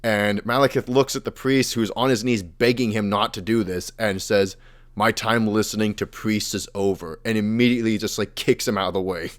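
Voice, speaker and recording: A man's voice: on the low side, steady tone, fairly quick, hardly any pauses. A young man casually retelling fantasy lore as a podcast host, acting out the characters' lines as he goes.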